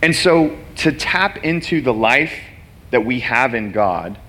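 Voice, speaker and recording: A guest preacher with a mid-range, expressive, bright and pushed voice takes his time delivering a sermon. He's earnest and personal, openly sharing his own struggles and growing emotional at times.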